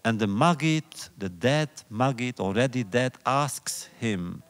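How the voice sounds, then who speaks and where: A man giving a public lecture on religious history in a lecture hall, speaking in a measured, deliberate way with rhetorical repetition. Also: mid-range voice, animated.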